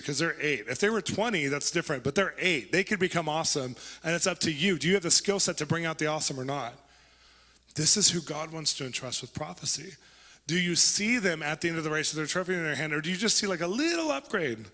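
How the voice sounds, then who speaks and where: A man preaching a sermon, telling stories and acting out the people in them with lively energy. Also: fairly high pitch, fast, long reverb tail. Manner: animated, acts out quoted voices. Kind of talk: sermon with storytelling.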